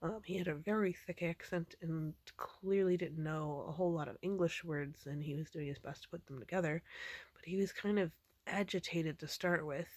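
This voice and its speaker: A woman casually recounting a dream she had, rambling with many ums and restarts in a low-key way. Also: normal speed, a little mellow, no room sound. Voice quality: gravelly vocal fry.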